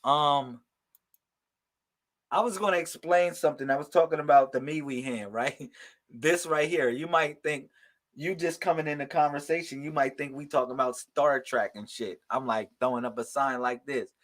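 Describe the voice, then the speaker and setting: High, bright-voiced man, slow and slangy. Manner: loud, slangy and laughing, calls out to viewers. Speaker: livestream host giving psychic readings. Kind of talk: casual live-stream chat with viewers.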